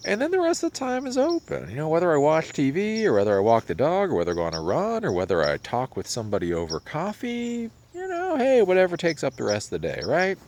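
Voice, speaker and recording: A man in his thirties talking casually to camera outdoors in winter, reflective and rambling, with sudden animated rises. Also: fairly high pitch, fast, few pauses, a little hiss or hum. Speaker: vlogger. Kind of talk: casual vlog monologue. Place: outdoors in winter, near a pond.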